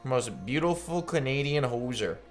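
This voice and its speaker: A young man streaming a game live, chatting casually with viewers in an excitable, profane way. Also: medium pitch, normal speed, faint music behind. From Georgia, United States. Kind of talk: casual live gameplay commentary.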